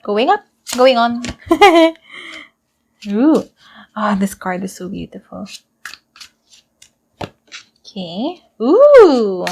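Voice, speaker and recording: A woman's voice: a little high, sing-song, drawn-out words, vocal fry, pauses often, a little mellow, a little hiss or hum. A young woman giving a casual tarot reading to camera, chatty and rambling, laughing often. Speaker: tarot reader.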